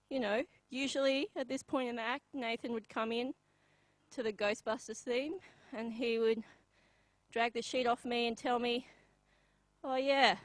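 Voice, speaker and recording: A young Australian woman performing a live comedy bit, deadpan and halting, with many pauses and ums. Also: a little high, dry recording, low-quality recording.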